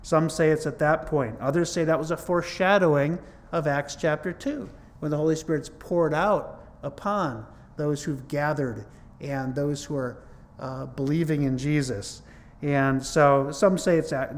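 Male pastor, slightly higher voice, casual yet emphatic sermon delivery. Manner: conversational, emphatic, rises in pitch to stress points. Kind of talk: sermon teaching.

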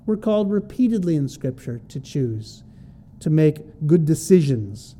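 Here a man gives an expository sermon on a Bible passage in a warm, fairly high voice that swings widely in pitch at a measured pace. He moves verse by verse, keeping it plain and conversational while repeating key phrases for emphasis.

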